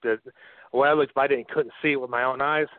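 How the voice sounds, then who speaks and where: A man giving an earnest, halting personal faith testimony as a guest on a phone-in radio interview. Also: mid-range voice, steady tone, no echo. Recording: dry, narrow phone line.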